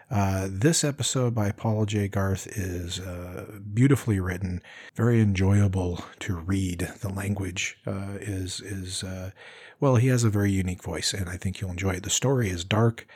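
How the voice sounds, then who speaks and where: Male podcast host, low husky voice, relaxed and halting, lots of filler pauses. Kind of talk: casual interview and show intro.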